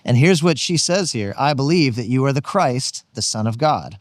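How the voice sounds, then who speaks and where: A man's voice: mid-range voice, lively intonation, moderate pace, no room sound, clean studio sound. A man co-hosting a casual Bible discussion podcast, earnest and teacherly as he explains the text. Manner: earnest, teacherly, explains Greek and verse context. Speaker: podcast co-host.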